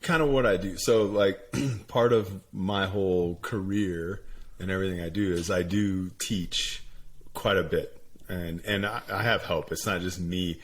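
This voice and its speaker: A man's voice: sits low, steady tone, a little slow. A man co-hosting a casual podcast, agreeable, laughing along and chiming in. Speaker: podcast co-host, instructor.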